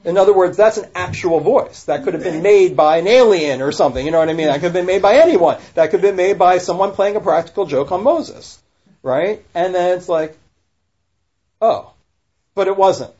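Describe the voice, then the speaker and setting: Rabbi guy chatting on a podcast, kinda high mellow voice, lots of "what does that even mean?" questions, muffled lo-fi audio. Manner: animated, rhetorical questions, quick self-corrections. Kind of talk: casual podcast discussion. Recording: dull lo-fi recording.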